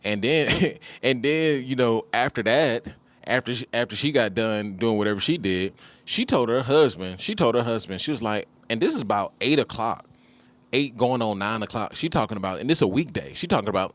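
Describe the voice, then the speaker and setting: A man telling a personal story in a casual monologue, animated and repetitive, often calling the listener "bro". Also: mid-range voice, normal speed, dry recording. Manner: animated, repeats phrases, addresses listeners as bro.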